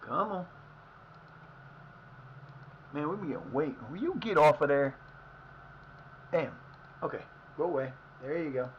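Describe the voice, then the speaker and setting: A man with a hoarse, fading voice who streams from his house. He rambles between chatter about the game and his day, swearing freely at his players. The audio is slightly muffled, with a faint hiss behind it. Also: a little high, expressive, a little slow, long pauses. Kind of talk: live gameplay commentary.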